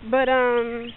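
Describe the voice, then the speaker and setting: Young woman vlogging on a tinny phone. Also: high voice. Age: young adult. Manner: animated, acts out quotes, laughs often. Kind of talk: casual storytelling vlog. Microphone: phone held in hand. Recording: tinny phone-like audio, faint noise.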